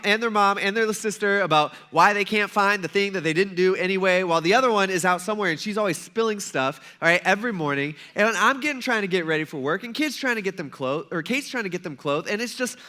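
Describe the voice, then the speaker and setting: Bright-voiced man preaching with jokes. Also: high-pitched. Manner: joking, self-mocking storytelling. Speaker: pastor. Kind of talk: sermon. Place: church sanctuary.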